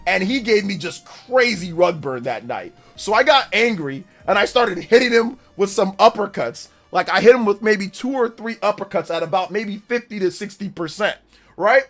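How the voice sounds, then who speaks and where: A man's voice: high-pitched, normal speed, soft background music. A young man hosting a livestream, casually telling a story in slang and acting out the voices of the people in it. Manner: animated, slangy, acts out voices in his story. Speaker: livestream host.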